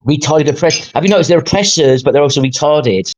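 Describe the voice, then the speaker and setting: A man's voice: a little high, quick pace, low-quality recording. A man hosting, reacting to a clip with exasperated, sarcastic rants and frequent swearing. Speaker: podcast host. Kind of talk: heated reaction commentary.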